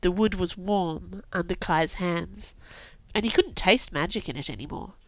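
Woman author reading her story on her podcast, low-ish but bright voice, dry close lo-fi sound. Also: lively intonation, normal speed, creaky, no room sound. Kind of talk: scripted audiobook narration. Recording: dull lo-fi sound.

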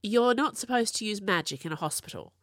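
A woman performs a subdued young wizard in a lightly acted, dry mood, pitching her mid-range voice above her natural one. Her delivery is animated and fairly quick with a fairly bright tone. The studio recording is clean, with no echo.

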